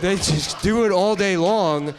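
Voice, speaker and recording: Deadpan man riffing over crowd laughter. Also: sits high, a little slow, very noisy. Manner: deadpan crude riffing, drops to mutters. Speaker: comedian. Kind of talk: stand-up comedy. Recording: audience laughter behind.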